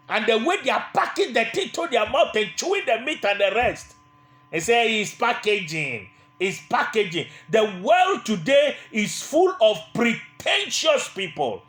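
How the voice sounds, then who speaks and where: A man's voice: sits high, a bit bright, echoey room. A man preaching a sermon, emphatic and repetitive, sometimes mimicking the people he criticizes.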